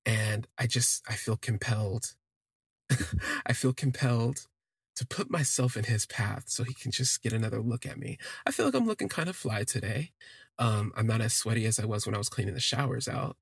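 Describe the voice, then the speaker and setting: A man's voice: fairly low pitch, animated, moderate pace, creaky, slightly rough, no room sound, studio quality. A man telling a personal story on a podcast, rambling and correcting himself as he gushes. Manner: rambling, self-correcting, gushing.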